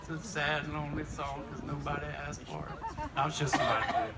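A man with a Louisiana Southern accent, a blues musician joking with the crowd from an outdoor festival stage in a relaxed drawl. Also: on the high side, a little fast, vocal fry, very noisy. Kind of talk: stage banter between songs. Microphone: stage vocal mic. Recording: live concert, loud band music. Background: loud live band music.

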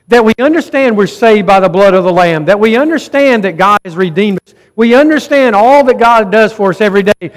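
A man's voice: high voice, in a large hall. A man preaching a sermon as pastor, speaking emphatically and often urging the congregation directly. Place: church sanctuary.

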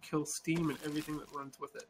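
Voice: medium pitch, level tone, fast talker. Co-op gamer, rambly and self-interrupting, hissy voice chat. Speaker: co-op game player. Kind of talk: casual gameplay chat. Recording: noisy voice-chat audio.

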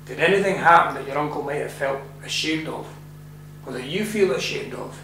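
A man voicing a persistent middle-aged Scottish police sergeant who questions in a plain, steady way, read aloud in an echoey room. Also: fairly high pitch, fairly quick. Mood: probing. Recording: echoey room with faint hum.

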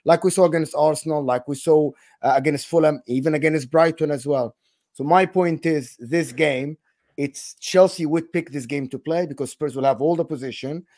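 Calm analytical man, dry close sound. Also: fairly high pitch, moderate pace, no echo. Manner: calm, methodical, repeats his point. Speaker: football fan pundit. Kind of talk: measured match analysis.

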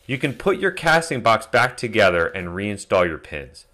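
A man calmly narrating a step-by-step metal casting tutorial as a voice-over. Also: lowish voice, moderate pace. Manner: calm step-by-step explaining. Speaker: DIY metal casting channel host.

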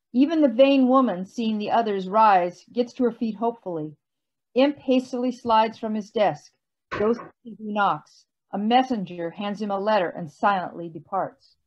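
A woman calmly reading stage directions in a play, recorded muffled. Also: a little high.

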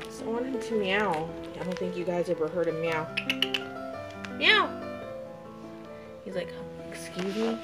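A woman's voice: on the low side, fast talker, few pauses, over loud music, poor audio. A woman in a casual pet vlog at home, cooing baby talk at her cat and laughing often. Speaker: pet vlogger.

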